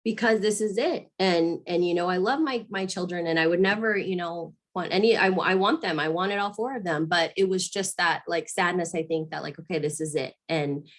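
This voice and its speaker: A woman's voice: fairly low pitch, moderate pace, hardly any pauses. A woman, a mother from Arizona in her thirties, talking candidly as an interview guest, earnest and emotional, with many restarts and frequent laughs. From Arizona, USA.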